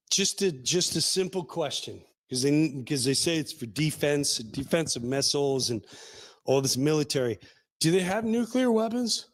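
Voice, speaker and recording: A man hosting an online talk show, giving loud, emphatic political commentary and acting out little scenes as he goes. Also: a little high. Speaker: show host.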